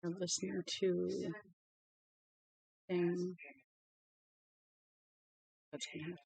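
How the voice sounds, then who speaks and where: A woman's voice: monotone, extremely slow, gravelly, darkish tone, husky, no echo. A woman chatting casually at home before reading a novel aloud, rambling between small talk and talking to her dog. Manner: rambling and chatty, talks to her dog in a high sing-song.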